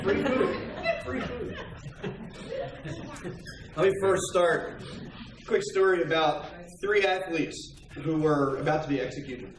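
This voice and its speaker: Joking preacher in an echoey hall. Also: male voice, on the high side, recorded from a distance, slight background noise. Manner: joking, animated storytelling. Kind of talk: sermon with light humor. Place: church hall. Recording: very echoey hall, picked up from afar.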